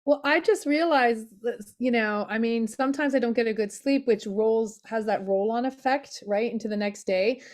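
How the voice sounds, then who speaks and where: Woman participant, higher voice, hesitant and filler-heavy casual sharing. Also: normal speed, few pauses.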